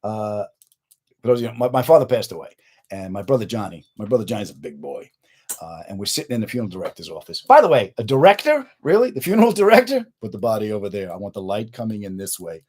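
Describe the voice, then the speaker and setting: A man's voice: on the low side, fast, breathy edge. A middle-aged man, a comedian hosting his own podcast, chatting casually with viewers and telling jokey stories. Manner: joking, animated storytelling. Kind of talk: casual live-stream chat.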